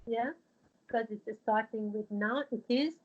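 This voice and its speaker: A woman's voice: on the high side, dull audio. Woman teaching patiently. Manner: patient, halting explaining with many fillers. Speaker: religious studies teacher. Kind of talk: online class explanation.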